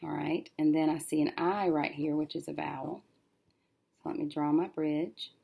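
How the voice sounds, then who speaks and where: Woman, teacher, low gravelly voice, slow, sounding out syllables, working at a desk. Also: fairly even intonation, mellow. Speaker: reading teacher. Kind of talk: recorded syllable-division lesson.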